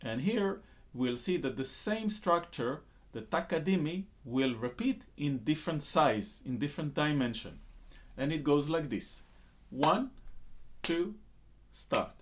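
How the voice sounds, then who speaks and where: A man teaching a rhythm lesson, explaining slowly and then counting in and reciting drum syllables loudly in time. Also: on the high side, expressive.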